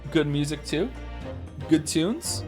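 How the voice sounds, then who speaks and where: A man's voice: on the high side, expressive, slow pace. A man giving casual, sardonic commentary while playing a game on stream, swearing freely. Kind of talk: casual let's-play commentary. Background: game music.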